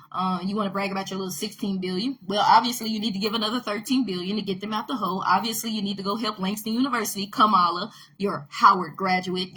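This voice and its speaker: Fired-up husky-voiced American woman ranting. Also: medium pitch, sharp tone, low-quality recording. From United States. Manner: fired-up, ranting, rising to emphatic bursts. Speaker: vlogger, army veteran. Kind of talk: impassioned political commentary.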